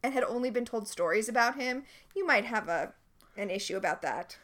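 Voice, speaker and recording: A woman's voice: a little high, fairly quick. A woman co-hosting a podcast, chatting casually and sarcastically as she recaps a TV episode. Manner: sarcastic, animated. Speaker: podcast co-host.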